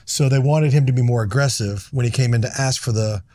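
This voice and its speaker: Animated middle-aged male storyteller. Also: medium pitch, fast talker. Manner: animated, acts out lines in loud put-on voices. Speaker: actor and comedian guest. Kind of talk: casual storytelling chat.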